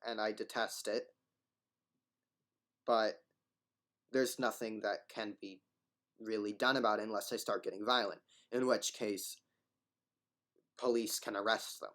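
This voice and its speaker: A man's voice: on the low side, fairly even intonation, measured pace, long pauses, fairly bright tone. A man giving rambling video commentary, arguing a point and often restarting his words.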